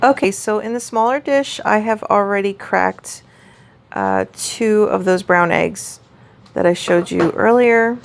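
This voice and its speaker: A woman's voice: medium pitch, measured pace, creaky, slight background noise. A woman casually walking through a home cooking recipe, chatty and rambling with lots of fillers. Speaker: home cook showing a recipe.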